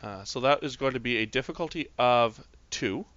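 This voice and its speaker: Male game master, bright tone, halting narration, dry muffled recording. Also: mid-range voice, no room sound. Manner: relaxed, hesitant narration with many fillers.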